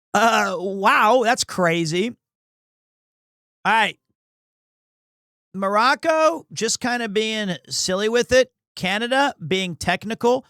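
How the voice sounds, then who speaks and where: A man riffs through casual sports commentary, rambling, crude and quick to mock himself. His voice sits notably high. The sound is dry and close, with no room echo. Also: animated, pushed and bright. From United States. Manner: rambling, crude, self-mocking. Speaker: streamer.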